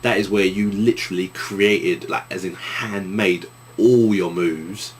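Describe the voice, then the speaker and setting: Young East London man, deep voice, loose rambling vlog Q and A delivery. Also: fairly even intonation, unhurried, a little hiss or hum. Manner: rambling, with many restarts and fillers. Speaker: YouTuber answering viewer questions. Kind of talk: casual Q and A vlog.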